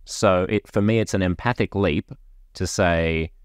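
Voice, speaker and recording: A man with a very low, deep voice hosts a conversational podcast interview. He builds long, probing questions out loud as he thinks them through. The sound is dry and close, with no room around it. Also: a little slow, smooth, dry recording. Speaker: podcast host.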